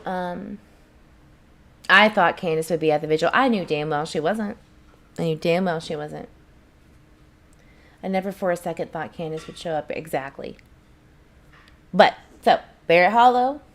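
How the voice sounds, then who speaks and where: A woman, hosting a casual livestream and chatting back to viewers' comments in a rambling way. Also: lowish voice. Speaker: channel host.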